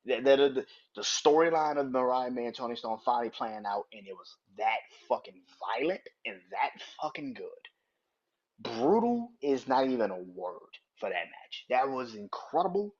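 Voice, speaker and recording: A man's voice: medium pitch, sing-song, normal speed, dull audio. A man in his thirties hosting a podcast, ranting heatedly about wrestling with lots of profanity. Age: 30s. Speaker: podcast host. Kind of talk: casual wrestling rant.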